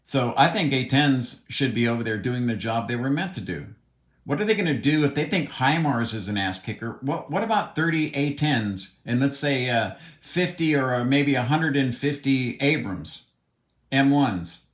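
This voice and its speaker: A man's voice: medium pitch, expressive, moderate pace. A man delivering a heated, blunt, profane monologue, commenting on the news. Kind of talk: opinionated monologue. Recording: roomy echo.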